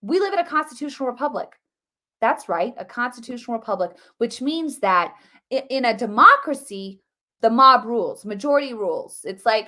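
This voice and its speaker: A woman talking fast and emphatically in a live-streamed political commentary, repeating herself, with many "like" fillers. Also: a little high, lively intonation, sharp tone.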